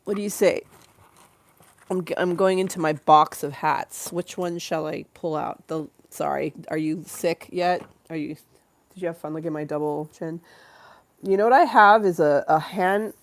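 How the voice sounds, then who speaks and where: A woman's voice: sits low, normal speed. A woman hosting a casual livestream, chatting in a giggly, rambling way and breaking off her own sentences. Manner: giggly, rambling, self-interrupting. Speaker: livestream host. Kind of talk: casual chat.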